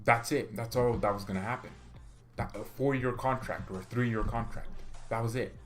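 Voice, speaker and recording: A man hosts a fan channel and rants to his live chat. He sounds exasperated and laughs often as he vents. His voice sits in an ordinary middle pitch. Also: moderate pace, soft background music. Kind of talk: live-stream rant reading chat.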